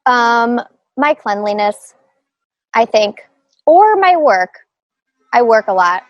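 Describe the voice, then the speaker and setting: Woman, middle-aged, chatty, laughing, fillers and restarts, high voice, dry sound. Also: sing-song, takes it slowly, dry recording, highs cut off. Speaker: guest, group practice owner. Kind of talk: casual conversational interview.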